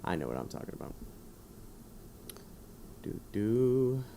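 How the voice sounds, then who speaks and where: A man's voice: medium pitch, big pitch swings, slow pace, creaky, dark tone, a little hiss or hum. A man streaming live, reading a choose-your-own-adventure book aloud with rambling, self-mocking asides.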